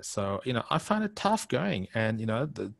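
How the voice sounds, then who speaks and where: A man in his fifties, a guest telling stories in a conversational interview, animated and quick to laugh. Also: mid-range voice, creaky, no echo. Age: 50s. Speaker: guest, communication coach.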